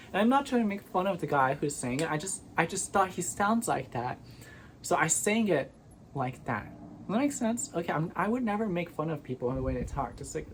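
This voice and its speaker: A woman with a low voice talks casually to her phone camera from her bedroom. She rambles and keeps restarting her sentences. A steady background noise sits under the recording. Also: rough recording. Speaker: vlogger. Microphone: phone propped on a windowsill.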